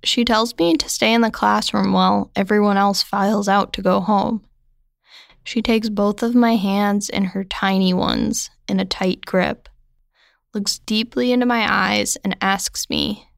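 A young woman narrating a scripted first-person story in a slow, reflective way. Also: medium pitch, steady tone, gravelly, dry recording, clean studio sound.

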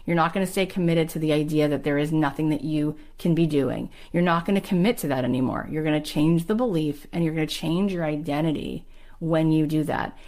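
A woman hosting her own podcast, talking earnestly and emphatically in a motivational monologue, telling quick stories. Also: low-pitched, darkish tone. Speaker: podcast host.

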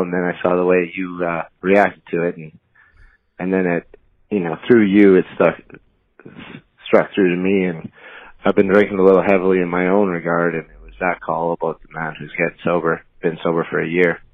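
A man from Canada speaks in a very low voice through a tinny phone line. The sound is dry and close. He talks in a halting, heartfelt way, pausing often. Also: no echo. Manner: heartfelt, halting, with many pauses and fillers. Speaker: caller. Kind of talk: voicemail to a podcast.

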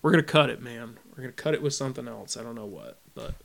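A man's voice: mid-range voice, fast talker, gravelly. A man co-hosting a podcast, casually wrapping up the episode with jokes and thank-yous. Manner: relaxed, joking, lots of ums and uhs. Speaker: podcast co-host. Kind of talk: casual podcast sign-off chat.

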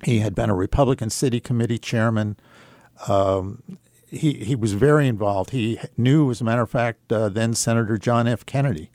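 An older man telling a personal story on talk radio in a measured, reflective way, with hesitant pauses and fillers. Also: mid-range voice, darkish tone, no echo. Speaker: radio guest.

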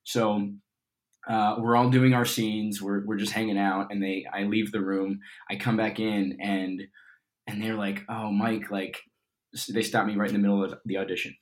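Young man, lowish voice, chatty, animated storytelling, casual interview. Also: normal speed. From Colorado, US. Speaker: actor guest.

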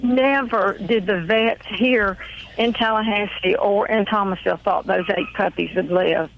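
A woman's voice: mid-range voice, measured pace, creaky, slight background noise. A woman with a Southern Georgia accent calling in to a radio show, telling a long story in a chatty, rambling way. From Georgia, USA. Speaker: caller. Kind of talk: phone-in chat. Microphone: telephone. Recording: muffled phone line.

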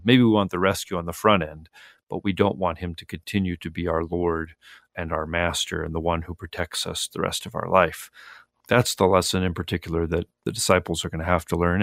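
A man's voice: low voice, level tone, fairly quick, gravelly, fairly bright tone, dry recording, studio quality. A male pastor, a guest on a radio talk show, thoughtfully explaining the Sunday Bible readings with appreciation for the text. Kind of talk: radio interview, scripture commentary.

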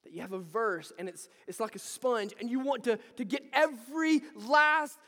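A man's voice: very high voice, normal speed, fairly bright tone, in a large hall. A man preaching a sermon, emphatic and repetitive, building intensity as he talks.

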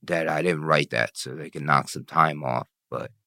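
A man's voice: extremely low pitch, fairly even intonation, normal speed, creaky, sharp tone, dry recording, clean studio sound. A man telling his own story in an interview, blunt and profane, often asking "you know what I mean". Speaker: interview guest.

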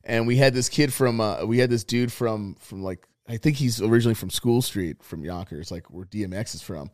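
A man's voice: fairly low pitch, brisk. A man in his thirties co-hosting a podcast, telling loose, profane stories and acting out his friends' lines. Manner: animated storyteller, swears freely, acts out friends' lines. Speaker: podcast co-host. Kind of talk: casual chat.

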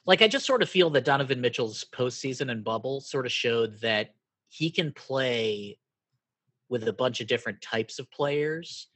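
Man from Brooklyn, podcast co-host; husky, dry close sound, musing and hedging. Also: mid-range voice, animated, moderate pace, a bit bright, no room sound. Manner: thinking aloud, hedging with "like". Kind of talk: casual chat.

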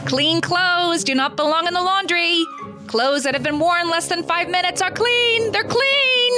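A woman playing an exasperated mother who insists, slowly and firmly, that the clothes are clean. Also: very high-pitched, bright, forceful tone, soft background music, pitched above the performer's own voice, exaggerated voice. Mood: indignant. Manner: slow, insistent, rising exasperation. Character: indignant mom lecturing about laundry.

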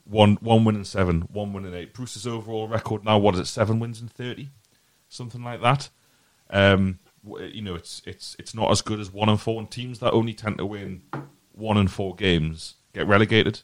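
A man's voice: on the low side, no room sound. A man hosting a football podcast, giving his earnest opinion in a rambling way and often repeating his words. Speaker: podcast host. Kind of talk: casual football podcast chat.

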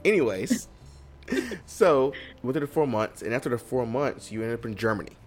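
A man hosting a podcast, chatting casually and reacting with expressive exclamations. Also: mid-range voice, moderate pace. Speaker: podcast host. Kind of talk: casual interview chat.

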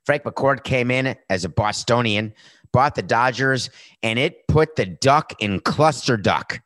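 A man's voice: mid-range voice, measured pace, a bit bright, no room sound. A middle-aged man hosting a sports talk show, giving a brash, sarcastic monologue with a tired, sore voice. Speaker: podcast host.

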